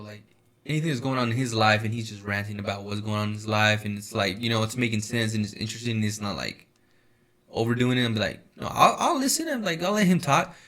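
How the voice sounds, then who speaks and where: A man's voice: lowish voice, fairly bright tone. A young man co-hosting a casual podcast chat, rambling at length with lots of swearing and "you know, like" fillers. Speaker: podcast co-host.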